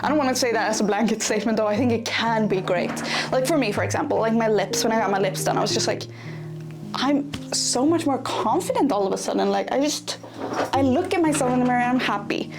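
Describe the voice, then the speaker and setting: Foul-mouthed young woman vlogger, higher voice. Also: animated, fast talker. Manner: blunt, swears constantly, ranting. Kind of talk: casual vlog talk. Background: background music.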